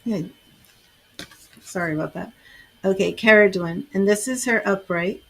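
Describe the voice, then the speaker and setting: A woman giving a live tarot reading, slowly invoking goddesses and reading card meanings aloud in a soothing way. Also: mid-range voice, vocal fry, fairly bright tone, breathy edge. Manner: slow, soothing, invoking spirits. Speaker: tarot reader.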